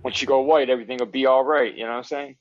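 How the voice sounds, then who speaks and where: A man's voice: medium pitch, steady tone, rapid-fire. A man co-hosting a podcast, teasing his friend with profane, casual banter and calling him bro. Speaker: podcast co-host. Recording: dull lo-fi recording.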